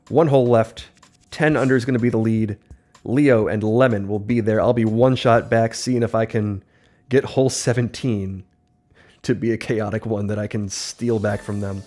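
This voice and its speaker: A man giving upbeat, excitable live play-by-play commentary on his own gaming stream, his voice a little worn. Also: lowish voice. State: voice slightly worn. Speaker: livestreamer. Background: faint game music.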